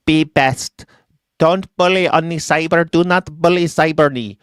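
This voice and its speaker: Prim broken-english first lady, as a man puts her on, higher pitched, smooth and resonant, dry. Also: unhurried, fairly bright tone, no echo. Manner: stiff, broken phrasing.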